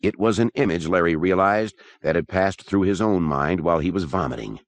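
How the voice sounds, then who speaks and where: Deep-voiced man narrating an audiobook. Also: fairly quick, few pauses, no room sound.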